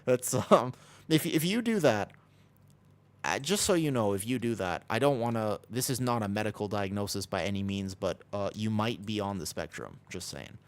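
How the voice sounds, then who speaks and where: A man chatting casually with his viewers as he streams an online game, rambling with lots of "like" fillers and breaking off for quick game callouts. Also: on the low side, lively intonation. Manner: rambling, many "like" fillers, talking to chat between game callouts. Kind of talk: casual chat while livestreaming a game.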